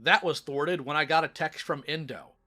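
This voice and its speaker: A man's voice: fairly high pitch, moderate pace, bright, forceful tone. A man narrating commentary between call recordings in a dry, matter-of-fact way. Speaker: channel host narrating.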